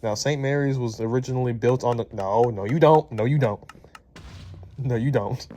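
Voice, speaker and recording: A young vlogger from Maryland with a Baltimore accent chats casually over gameplay, his medium-pitched, dark voice at normal speed against slight background noise. He keeps getting sidetracked and laughs at his own slips.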